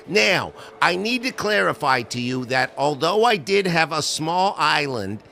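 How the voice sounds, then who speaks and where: A man's voice: fairly high pitch, sing-song, unhurried, gravelly, bright, forceful tone, a little hiss or hum, full character voice. A man putting on a smarmy middle-aged tycoon who rambles through mock-earnest denials in a comic impression. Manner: rambling, mock-earnest denials with bursts of silly character voices.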